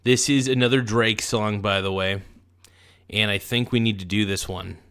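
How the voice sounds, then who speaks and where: A man's voice: on the low side, steady tone, moderate pace, a bit bright, clean tone. A man hosting a casual livestream, rambling and chuckling in a loose, jokey way. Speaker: livestream host.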